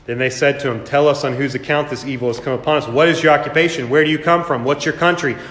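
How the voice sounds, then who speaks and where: A man's voice: mid-range voice, steady tone, fast talker, fairly bright tone. A middle-aged man preaching a sermon as a pastor, with earnest emphasis that rises and falls. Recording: echoey hall, long reverb.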